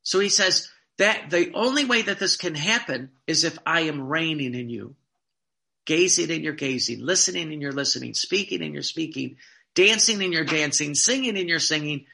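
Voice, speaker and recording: Man, sermon, earnest, bright edge, gravelly fry, slightly high voice. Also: lively intonation. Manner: earnest, repeats words, reads quotes slowly. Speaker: preacher.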